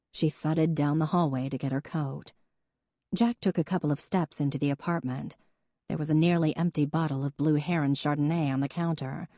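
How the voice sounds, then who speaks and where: Woman narrator, steady measured audiobook read, low and mellow, dry close sound. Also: dry recording. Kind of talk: scripted narration.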